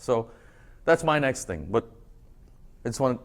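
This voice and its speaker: Animated man telling a work story. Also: medium pitch, unhurried. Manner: animated storytelling, acts out dialogue. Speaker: speaker presenting branding work. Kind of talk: conversational presentation to an audience.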